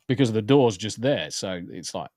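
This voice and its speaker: A man's voice: on the low side, expressive, normal speed, mellow, slight background noise. A British man chatting casually as a guest from a small spare bedroom, rambling and laughing often. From England. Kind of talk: casual chat. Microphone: home computer setup.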